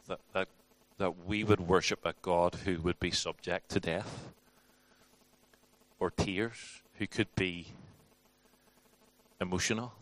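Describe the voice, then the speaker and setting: A man's voice: deep voice, fairly even intonation, takes it slowly, pauses often, fairly bright tone. A man teaching a church class in a conversational, informal sermon style, with frequent restarts and acted-out quotes.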